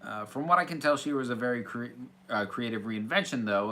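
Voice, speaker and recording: A man's voice: mid-range voice, sing-song, moderate pace, pushed and bright, slight background noise. A man hosting a casual Q&A, reading out viewer questions from a small office and answering them in a chatty, hesitant way with restarts. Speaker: host.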